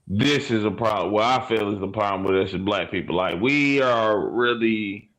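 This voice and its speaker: A man on a podcast panel, talking earnestly and in a measured way. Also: on the low side, fairly bright tone. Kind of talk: podcast discussion.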